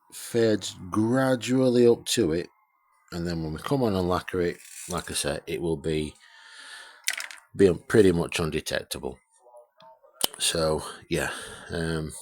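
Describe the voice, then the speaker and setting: A man rambling through a casual workshop vlog about restoring a radio, swearing freely and joking about himself as he gives shout-outs. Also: low voice, slow, long pauses, no echo. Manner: rambling, sweary, self-deprecating.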